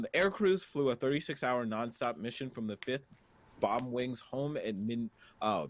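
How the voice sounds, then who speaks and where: A man co-hosting a casual news podcast, reading stories aloud with halting fillers. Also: medium pitch. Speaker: podcast co-host.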